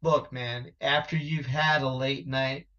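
A man in loose podcast banter who keeps teasing his co-host and slipping into little comic bits. His voice sits in an ordinary middle pitch. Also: fairly even intonation, measured pace, pushed and bright, muffled recording. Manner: joking, teasing, jumps into bits. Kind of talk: casual banter.

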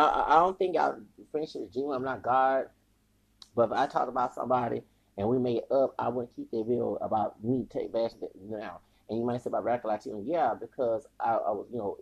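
In a rough recording, an American podcast host rants with heated, rambling commentary, often stumbling and repeating words. His voice is mid-range, creaky, husky and darkish.

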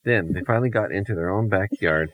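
A man improvising a silly bedtime story for a child, playful with a deadpan touch. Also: fairly low pitch, fast, poor audio.

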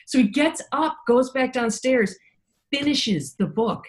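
A middle-aged woman, a podcast guest, telling personal stories in a casual, animated way and acting out the voices she quotes. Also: sits high, unhurried. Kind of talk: casual storytelling.

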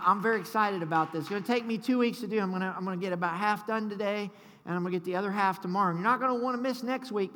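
A man's voice: high-pitched, fairly bright tone. A man preaching a sermon as pastor, fervent and full of call-and-response to the congregation, often stumbling and restarting. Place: church sanctuary. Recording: echoey church with long reverb.

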